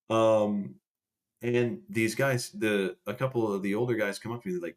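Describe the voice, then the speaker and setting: A man's voice: on the low side, steady tone, moderate pace. A young man casually telling a rambling story to a live chat, swearing and restarting as he goes. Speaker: livestream host.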